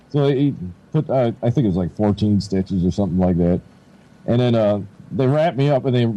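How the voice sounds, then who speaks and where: A man co-hosting a casual talk show, spinning a long story with swearing and chuckles. His voice is mellow and dark, with lively pitch that jumps when he acts out other people's lines. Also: low-quality recording. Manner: laid-back rambling storyteller, swears, laughs often, acts out quotes. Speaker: podcast co-host.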